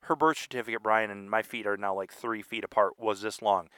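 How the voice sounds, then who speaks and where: A man's voice: lowish voice, fairly even intonation, brisk, fairly bright tone, clear, resonant tone, no room sound. A man co-hosting a podcast in casual chat, rambling and playing dumb for laughs. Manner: rambling, plays dumb, goofy asides. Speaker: podcast co-host.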